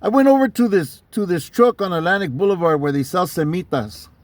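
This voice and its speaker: High-voiced man telling a street story. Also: expressive, fairly quick, no room sound. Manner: street slang, frequent restarts, conversational. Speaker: channel host. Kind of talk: casual storytelling to camera.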